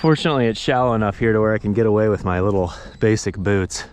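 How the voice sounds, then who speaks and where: A young man narrating his fishing trip outdoors on a river, tired from paddling, bursting into excited exclamations and talking to the fish. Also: fairly low pitch, quick pace, noisy background. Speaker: fishing vlogger. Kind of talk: casual narration while fishing. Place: outdoors on a river, in a kayak and wading.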